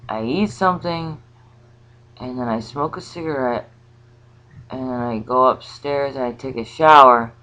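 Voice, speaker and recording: A woman talking casually about a spiritual ritual, rambling and halting with many restarts. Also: extremely low pitch, fairly bright tone. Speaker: vlogger. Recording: slightly dull lo-fi sound.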